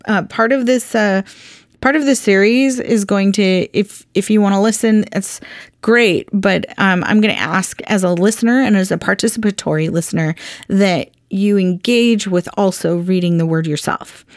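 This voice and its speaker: A woman's voice: medium pitch, moderate pace, no room sound, clean studio sound. A woman hosting a Bible teaching podcast, talking in a chatty, earnest way with lots of ums and restarts.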